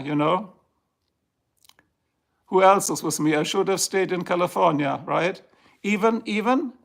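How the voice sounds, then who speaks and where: Speaking from beside his garage at home, a German livestreamer rants casually, swearing and moaning with exaggeration. The voice is high, gravelly and fairly bright.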